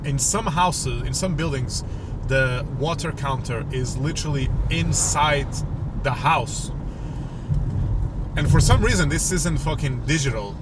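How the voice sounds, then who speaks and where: A man's voice: mid-range voice, background noise. A young man telling a rambling, profane, exasperated story on a comedy podcast. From Portugal. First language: Portuguese. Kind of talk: casual storytelling rant.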